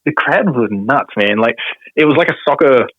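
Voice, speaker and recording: A man's voice: medium pitch, lively intonation, moderate pace, dry recording, phone-quality sound. An Australian man, a pro wrestler on a podcast, telling a story casually, laughing often and swearing mildly.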